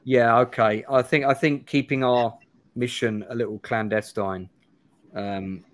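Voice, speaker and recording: A man's voice: medium pitch, steady tone, unhurried. A man in his forties hosting a live play-through, reading a gamebook aloud with restarts and asides. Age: 40s.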